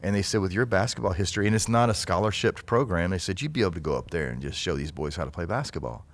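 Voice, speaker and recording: A man telling stories from his past in a casual podcast chat, chatty and quick to laugh. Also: low-pitched, expressive.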